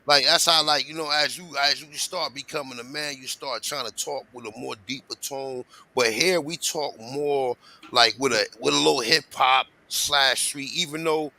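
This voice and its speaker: Bright, streetwise New Jersey man. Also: mid-range voice, steady tone, normal speed, creaky, rough recording. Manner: streetwise, says "you know what I'm saying" a lot. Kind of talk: casual livestream talk.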